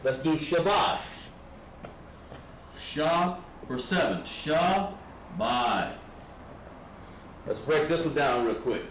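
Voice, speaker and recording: A man's voice: fairly high pitch, extremely slow, long pauses, a bit bright. Man teaching letters in an echoey room. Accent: Southern American. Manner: patient, step-by-step explaining. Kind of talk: classroom instruction. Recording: echoey room with background noise.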